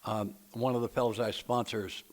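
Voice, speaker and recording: Man, plainspoken, folksy, joking with a group, medium pitch. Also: flat delivery, brisk. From Nashville, Tennessee. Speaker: recovery meeting speaker leading a book study. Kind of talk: speaker-meeting talk to a group.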